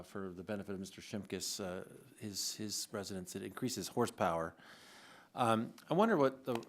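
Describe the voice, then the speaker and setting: Low-voiced male lawmaker, halting questioner at a hearing. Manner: halting, many fillers and restarts. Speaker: congressman questioning witnesses.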